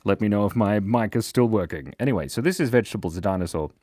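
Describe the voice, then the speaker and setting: A man hosting a children's drawing livestream, chatting casually and reading out viewer comments in a playful way that swings between loud bursts and mumbled asides. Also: on the low side, quick pace, no echo, clean studio sound. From Australia. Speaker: livestream drawing host for kids. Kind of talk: casual live-stream chat reading comments. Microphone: mic set in a beard.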